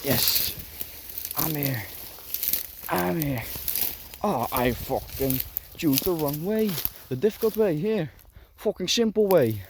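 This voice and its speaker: A man's voice: a little high, animated, takes it slowly, long pauses. Foul-mouthed man cursing through bushes. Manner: swears constantly, grunts while pushing through bushes. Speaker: vlogger. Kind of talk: rambling outdoor vlog. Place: outdoors in dense bushes and trees. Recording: noisy outdoor recording with rustling foliage. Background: rustling branches and a dog barking.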